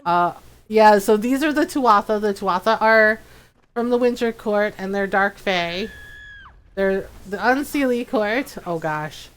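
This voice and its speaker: A woman streaming a game and chatting casually with viewers, bubbly and talkative and quick to laugh. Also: medium pitch, slight background noise. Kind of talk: casual gameplay chat.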